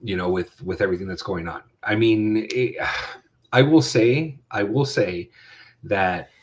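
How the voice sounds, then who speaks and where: Rambling low-voiced man on a podcast. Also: measured pace. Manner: rambling, many fillers and restarts. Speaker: podcast host. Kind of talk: casual chat.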